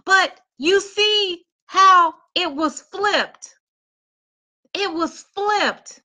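A middle-aged woman with a high, bright voice tells her own story. She speaks to her listeners in an animated, preaching way. She moves into other voices as the story calls for them. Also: very slow. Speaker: motivational speaker. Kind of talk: storytelling talk.

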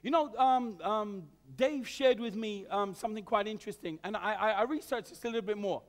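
A man's voice: high voice, brisk. A man preaching a sermon, telling a story animatedly with stammered repeats of words.

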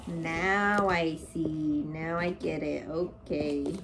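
A woman's voice: deep voice, fairly even intonation, very slow, creaky. A woman talking casually to her viewers in an unboxing vlog at home, gushing and exclamatory as she goes. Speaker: plant vlogger. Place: living room at home. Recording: noisy, crinkling packaging behind.

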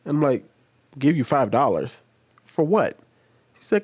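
A man talking casually to his viewers in a commentary video, full of personal stories and asides. His voice sits at an ordinary pitch and is recorded close and dry, with no room around it. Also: big pitch swings, unhurried, a little mellow, breathy edge, no echo. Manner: chatty, storytelling, talks directly to viewers. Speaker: commentary host.

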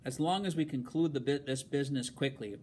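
A man's voice: medium pitch, brisk, a little mellow, slight background noise, close to an everyday voice. A man reading aloud and voicing an impatient, wealthy colonial husband who speaks curtly.

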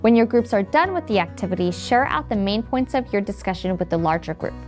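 A woman's voice: mid-range voice, expressive, a little fast, soft background music. A woman in her thirties giving scripted, friendly instructional narration for a teacher training video. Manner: friendly, acts out quoted phrases. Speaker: trainer for educators.

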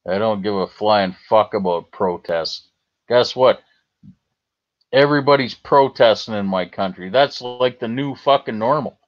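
This livestream host is a Canadian man with a fairly low, unhurried voice who rambles, swears freely, and responds to his chat. The stream audio is slightly dull and lo-fi.

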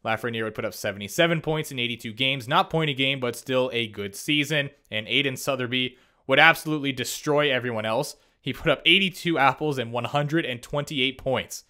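A young man with a bright, forward voice talks through a hockey game simulation in a casual commentary style. He is excitable and quick to react, often breaking into little laughs and surprised exclamations as he reads the numbers. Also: medium pitch. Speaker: gaming YouTuber.

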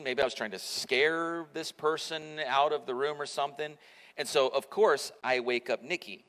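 A man's voice: medium pitch, steady tone, normal speed, a bit bright. Pastor in his forties, man, chatty sermon delivery, long church reverb. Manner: conversational, self-mocking storytelling. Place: church auditorium. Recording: echoey church hall.

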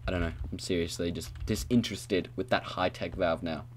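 A man's voice: sits low, steady tone, a little fast, slight background noise. A man casually commentating while playing a video game on a headset mic, rambling and talking to himself with silly noises. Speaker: gamer playing an adventure map. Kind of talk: casual let's-play commentary.

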